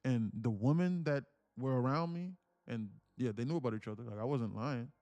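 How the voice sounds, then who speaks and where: A man's voice: mid-range voice, normal speed, warm tone, dry recording. Earnest young man, close dry mic. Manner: earnest, preachy, repeats himself, swears casually. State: emotional, near tears. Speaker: day trading streamer. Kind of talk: emotional storytelling to a live stream.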